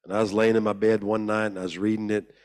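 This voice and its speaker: A man's voice: flat delivery, fast, darkish tone, clean tone. A man preaching a sermon as a storyteller, joking and acting out the people in his tales. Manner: humorous, acts out the people he quotes in higher voices. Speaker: guest preacher. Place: church hall.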